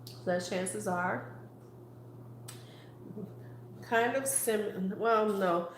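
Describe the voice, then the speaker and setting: A woman's voice: medium pitch, takes it slowly, a little hiss or hum. A woman beauty vlogger in a casual live-stream chat, playful and talking straight to her viewers. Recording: roomy echo.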